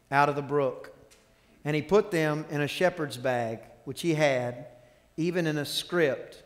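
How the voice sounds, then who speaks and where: A pastor preaches to his congregation, his male voice sitting a bit high. He tells stories and acts out the dialogue, then calls on the room to answer him. His words ring out with a long reverb from a large church hall. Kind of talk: sermon. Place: church sanctuary.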